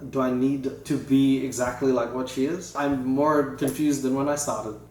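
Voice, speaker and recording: A man's voice: mid-range voice, steady tone, moderate pace, far from the mic. Sarcastic guy ranting in a comedy reaction, echoey room, little bit of music behind. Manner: exasperated, sarcastic, jumps into shouted outbursts. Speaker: comedy YouTuber reacting to a masterclass.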